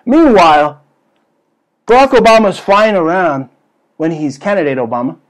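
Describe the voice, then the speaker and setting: A man's voice: sits high, animated, moderate pace. A man hosting a comedy show with a brash, crude, ranting delivery. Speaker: host. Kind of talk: comedic political rant.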